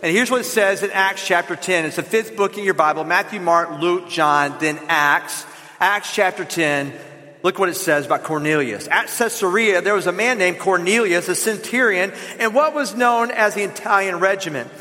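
A man with a Southern American accent preaching a lively, joking sermon to his congregation in a church. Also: high-pitched, moderate pace, big-room sound. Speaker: pastor. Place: church sanctuary.

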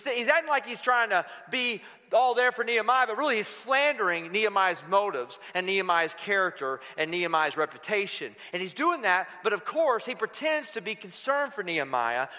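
A pastor preaching an energetic, humorous sermon in a church, addressing the congregation directly. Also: male voice, high voice, moderate pace, hardly any pauses. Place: church sanctuary. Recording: echoey hall.

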